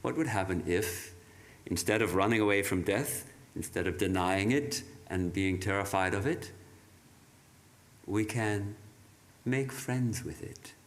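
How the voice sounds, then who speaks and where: A man giving a reflective sermon, speaking in a measured way with halting restarts. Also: low-pitched. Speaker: monk giving a talk.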